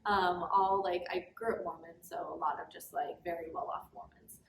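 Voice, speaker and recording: A woman's voice: lowish voice, steady tone, moderate pace, vocal fry, a little hiss or hum. A young woman talking candidly about her own life as a podcast guest, with a casual, chatty manner and lots of "like". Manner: candid, chatty, heavy use of "like". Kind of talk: casual personal storytelling. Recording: roomy sound, mic at a distance.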